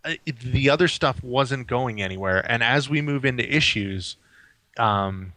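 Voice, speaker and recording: A man's voice: medium pitch, animated, moderate pace, sharp tone, dry recording. Rambling casual man, dry mic. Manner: rambling, frequent "um" and "like", swears casually. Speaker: podcast co-host. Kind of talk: casual music review chat.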